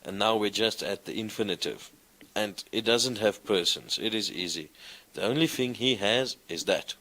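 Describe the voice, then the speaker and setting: A man's voice: on the low side, normal speed, sharp tone. A man teaching a classroom lesson, speaking in an encouraging way and often asking his students questions. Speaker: Greek teacher. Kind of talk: classroom lecture.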